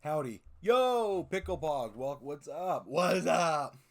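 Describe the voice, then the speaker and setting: A man in his twenties rambles through a casual stream, reacting to videos with plenty of swearing and filler words. His voice sits fairly high and sounds expressive, and he talks slowly.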